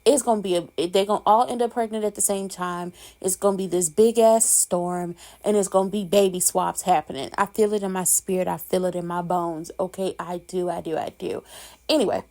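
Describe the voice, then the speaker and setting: A woman's voice: on the low side, steady tone, fairly quick, dark tone. A woman hosting a casual soap opera recap, talking in a sassy, emphatic, slangy way and giving strong opinions.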